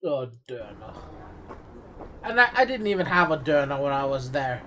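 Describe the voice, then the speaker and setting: A man's voice: mid-range voice, very animated, moderate pace, fairly bright tone, a little hiss or hum. Profane sarcastic male streamer. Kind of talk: livestream reaction commentary.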